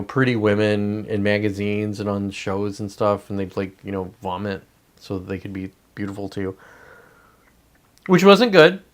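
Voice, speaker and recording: A man ranting on a casual livestream, frustrated and profane, rambling with many restarts. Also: medium pitch. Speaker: livestreamer and real estate agent.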